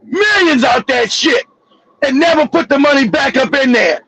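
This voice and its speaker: A man's voice: extremely high pitch, expressive, normal speed, a bit bright, poor audio. A middle-aged man giving heated, profane commentary on a livestream, swearing freely and laughing at his own jokes.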